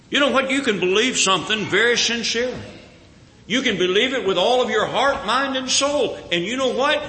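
A man's voice: very high voice, fairly quick, sharp tone. A man preaching a sermon, telling a story earnestly with frequent stammered restarts. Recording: echoey hall with long reverb.

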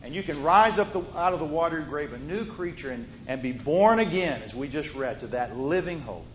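A man's voice: lively intonation, a little fast. Preacher man in an echoey church. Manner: swings from loud emphatic to soft, hushed storytelling. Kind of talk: sermon with storytelling. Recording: roomy muffled hall recording, faint rumble.

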